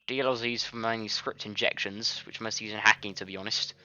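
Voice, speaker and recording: A gaming video creator with a fairly low, bright, forceful voice talks fast with fairly even intonation, and the highs are cut off. Recording casual let's-play commentary in his home studio, he rambles, swears and gets frustrated easily.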